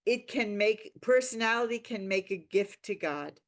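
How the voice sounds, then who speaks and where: A woman's voice: mid-range voice, expressive, moderate pace. A woman leading a reading group, earnestly explaining a spiritual text in a reflective way. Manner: earnest, reflective, with warm laughs.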